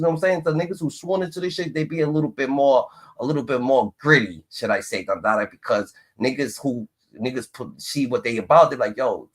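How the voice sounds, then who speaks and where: A man hosting a livestream, ranting in rambling casual commentary and filling his talk with "dun dun dun". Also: mid-range voice. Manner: rambling, swears often, uses "dun dun dun" filler. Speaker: livestream host.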